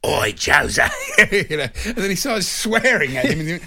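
A man's voice: sits high, sing-song, quick pace, sharp tone, no room sound, clean studio sound. A man presenting radio, chatting casually and laughing between jokes. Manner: chatty, giggly, jokey. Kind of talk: casual on-air banter.

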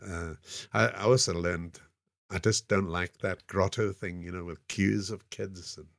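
A man's voice: deep voice, fairly even intonation, a little slow, creaky, fairly bright tone, no room sound. An older man with a South African accent, telling stories as a podcast guest in a rambling way. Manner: rambling, frequent "you know" fillers. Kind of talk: casual anecdotal storytelling.

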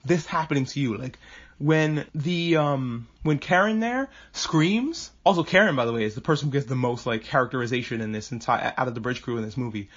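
Animated man on dull lo-fi audio. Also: medium pitch. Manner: animated, acts out characters' lines in quick asides, swears casually. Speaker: podcast host. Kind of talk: casual anime recap monologue.

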